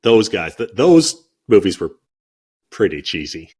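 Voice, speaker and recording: A man's voice: fairly low pitch, big pitch swings, a little slow, a little mellow, husky. A man hosting a podcast, chatting casually and agreeably with his guest, often repeating his own phrases. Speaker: podcast host. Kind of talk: casual interview chat.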